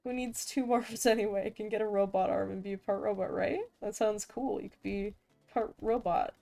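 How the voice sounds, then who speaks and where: A woman's voice: medium pitch, steady tone, moderate pace, gravelly, warm tone, faint music behind. A woman streaming as a vtuber, chatting casually with viewers while drawing, playful and self-mocking with frequent laughs and restarts.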